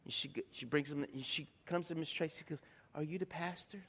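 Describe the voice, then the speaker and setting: Male pastor, middle-aged, animated storyteller preaching, sharp high tone, long reverb. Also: brisk, husky. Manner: animated storytelling preacher, swings from loud to hushed. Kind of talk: sermon. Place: church sanctuary.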